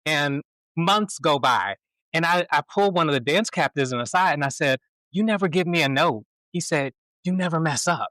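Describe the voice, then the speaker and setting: A male podcast host, an animated storyteller who laughs often while chatting casually. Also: a little high, normal speed, dry recording, poor audio. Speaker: stage performer. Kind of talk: casual conversation.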